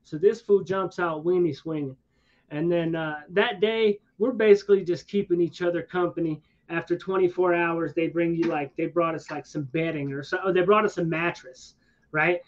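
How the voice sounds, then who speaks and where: A man with a high voice tells a loose, rambling story in easygoing chat, full of slangy asides and restarts. His voice comes through a dull, lo-fi recording. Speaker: streamer. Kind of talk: casual storytelling to a listener. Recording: dull lo-fi sound.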